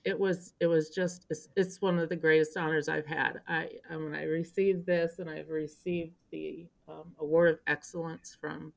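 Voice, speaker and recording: Her voice sits low and sounds gravelly, moving at normal speed with few pauses. She's a sixties-aged podcast guest with decades in local government, recorded indoors, telling a story in an animated way, acting out quotes and becoming emotional.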